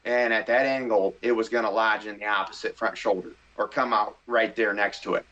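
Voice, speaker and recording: A middle-aged man, a podcast guest, telling a story in casual chat, animated and excitable, acting out his own inner voice. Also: lowish voice, a little fast, highs cut off.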